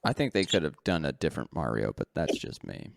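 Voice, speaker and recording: A podcast co-host chats casually, rambling, correcting himself and laughing often. His very deep, creaky voice swings widely in pitch and he talks fast, recorded dry with clean studio sound.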